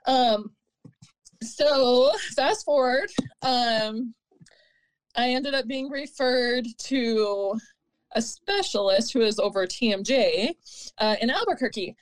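A woman in her thirties with a fairly high voice tells her own story as an interview guest. She's candid and earnest, but halting, often pausing, using fillers, and restarting.

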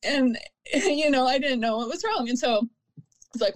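A woman in her thirties telling her own story in an interview, candid and earnest, pausing and restarting often. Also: high-pitched. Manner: halting, with frequent fillers and restarts. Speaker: interview guest.

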